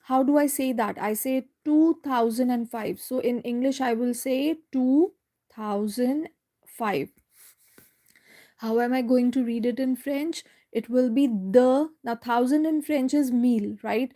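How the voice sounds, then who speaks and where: A woman teaching French in a live online lesson, going slowly step by step, repeating words and checking in with "right?". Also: on the high side, mellow.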